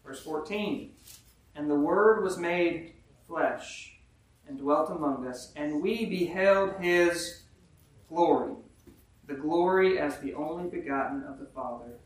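Echoey, distant preaching man. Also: on the high side. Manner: reads verses slowly and emphatically, then explains in plain talk; asks the listeners questions. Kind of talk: sermon with scripture reading. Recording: very echoey room, voice from afar.

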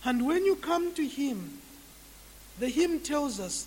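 A man's voice: extremely high pitch, very animated, a little mellow. A man preaching a sermon, pleading with his listeners to turn from sin and closing in prayer. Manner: slow, pleading, rising to urgent appeals. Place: church sanctuary. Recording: hall reverb with faint hiss.

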